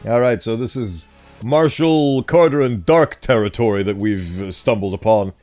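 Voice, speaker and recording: A man's voice: fairly low pitch, moderate pace, a little mellow, soft background music. A man reading stories and chatting on a live stream, playful and self-correcting.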